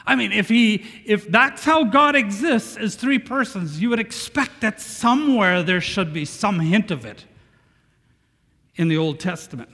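Pastor guy preaching, kinda high voice, asks the crowd stuff a lot, big hall echo. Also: unhurried. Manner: animated, asks the congregation questions. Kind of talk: sermon. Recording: long reverb of a large hall.

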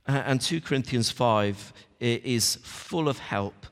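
A male preacher of middle pitch gives a morning sermon in an informal, chatty way, often turning to his listeners. His voice rings out with a long, echoing reverb from a church hall. He sounds like he is talking with the people in front of him rather than reading to them. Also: a little slow. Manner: conversational, talks straight to the congregation.

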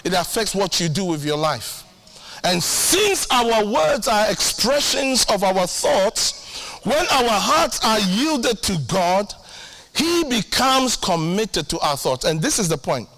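High, bright-voiced animated preacher man. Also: takes it slowly. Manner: animated, emphatic preaching with repeated lines; humorous asides acting out his own prayers. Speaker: pastor. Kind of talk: sermon.

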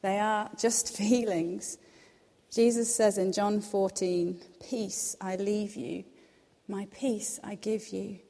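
A woman's voice: medium pitch, steady tone, slow pace. Earnest woman speaking in reverberant hall. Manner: earnest, reassuring, quotes scripture softly. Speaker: devotional speaker. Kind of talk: devotional teaching.

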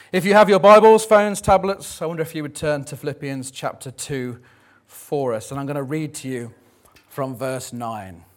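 A man in his thirties preaching a Sunday sermon, conversational and jokey, with frequent ums. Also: medium pitch. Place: church service.

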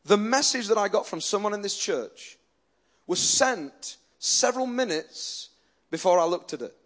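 A man with a fairly high voice preaches a sermon with earnest emphasis, stopping and restarting his sentences as he goes. He speaks as a pastor addressing his congregation. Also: lively intonation, measured pace, fairly bright tone.

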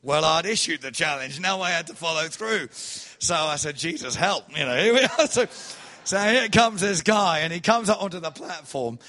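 Man preaching an animated testimony. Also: on the high side, moderate pace, few pauses. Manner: animated storytelling, swells loud then drops soft. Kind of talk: sermon testimony.

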